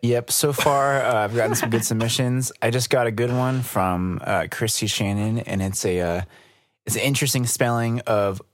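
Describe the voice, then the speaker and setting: A man's voice: mid-range voice, fairly even intonation, normal speed, dry recording. A man co-hosting a church podcast, talking in an upbeat, joking, casual way. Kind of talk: casual chat.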